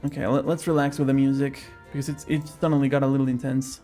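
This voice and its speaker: A man's voice: mid-range voice, level tone, fast talker, mellow, soft background music. A man streaming himself playing a game, chatting casually and haggling jokingly with the characters on screen. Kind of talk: casual live-stream commentary while gaming.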